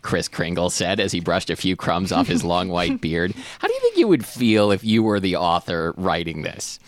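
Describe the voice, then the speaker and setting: Low-voiced, wry man on a dry mic. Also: wildly swooping pitch, normal speed, few pauses, no echo. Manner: hesitant, wry, many fillers. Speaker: podcast co-host. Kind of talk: casual chat and reading aloud.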